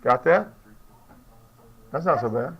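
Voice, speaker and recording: A man's voice: mid-range voice, expressive, slow pace, dull audio. Casual male classroom chemistry teacher. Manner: casual, joking, checks in with students often. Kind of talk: classroom lecture.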